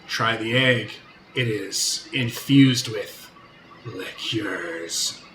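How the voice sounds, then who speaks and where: A man voicing a gross, odd male god with bobbling plastic eyes, speaking in a low, drawn-out, oily courteous way. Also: roomy sound, slight background noise. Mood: offering. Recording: loud background music.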